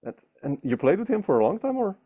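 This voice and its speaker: A man's voice: high-pitched, sing-song, fast talker, husky, dull audio. A man hosting an interview, asking short questions and reacting with brief exclamations. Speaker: interview host. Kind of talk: casual interview chat.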